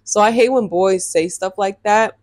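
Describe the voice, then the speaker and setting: A young woman telling a dating story in a casual storytime vlog, sassy and animated and laughing often. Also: medium pitch, normal speed, no echo.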